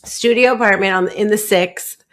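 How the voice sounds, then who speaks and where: A young woman telling a long personal story in casual podcast chat, rambling and animated, with many "like"s. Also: mid-range voice, normal speed. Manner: rambling, animated, heavy use of "like". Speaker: podcast guest.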